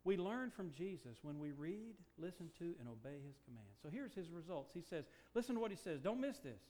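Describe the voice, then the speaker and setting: An older man preaching a sermon, moving from quiet, reflective talk to slow, emphatic declarations. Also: a little high, very animated. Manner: preaching, swings from hushed to emphatic, stretched slow phrases. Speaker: pastor.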